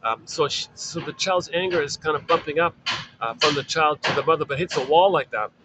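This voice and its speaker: A man's voice: a little high, fairly quick, heavy background noise. A man giving an informal spoken lecture, explaining in a repetitive way with many fillers. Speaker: lecturer on psychoanalysis.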